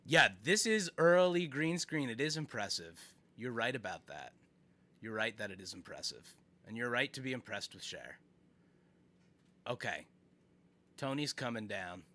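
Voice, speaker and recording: Guy streaming, reacting casually, super animated, talks right to chat. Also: medium pitch, unhurried, pauses often.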